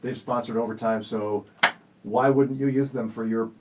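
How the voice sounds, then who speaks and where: A man's voice: mid-range voice, steady tone, normal speed, recorded from a distance, noisy background. A man in his forties hosting a radio show, telling stories in a jokey, self-teasing way. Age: 40s. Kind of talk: casual studio chat. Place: radio studio.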